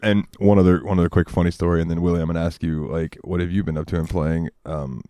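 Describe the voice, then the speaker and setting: A man co-hosting a gaming podcast in casual chat, an animated storyteller who laughs often and acts out the people in his stories. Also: low-pitched, fast, dry recording, clean studio sound. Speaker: podcast co-host.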